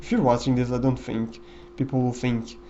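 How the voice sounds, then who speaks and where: A man's voice: medium pitch, level tone, normal speed, warm tone, muffled recording, slight background noise. A man giving casual, rambling commentary over a game run, with many fillers and restarts. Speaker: gameplay commentator.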